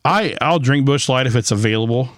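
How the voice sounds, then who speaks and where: A male podcast host talks in a loose, rambling way, swearing freely and sounding a little buzzed from drinking. His voice sits at an ordinary middle pitch. The sound is close and dry, with no room echo. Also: moderate pace. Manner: profane, rambling. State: slightly tipsy. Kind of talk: casual chat.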